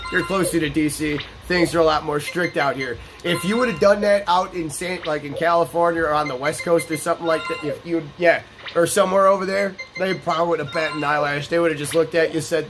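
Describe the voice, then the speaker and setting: Animated profane young man over game music. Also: low-quality recording. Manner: animated, profane, jumps into high excited yelps. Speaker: gaming video host. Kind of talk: casual storytelling over gameplay. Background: background game music.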